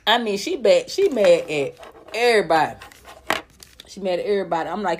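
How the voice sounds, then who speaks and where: A woman, hosting a casual live-stream gossip chat, loud, blunt and profane, laughing often. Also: medium pitch, animated, brisk, pauses often, a little hiss or hum. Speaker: celebrity gossip vlogger.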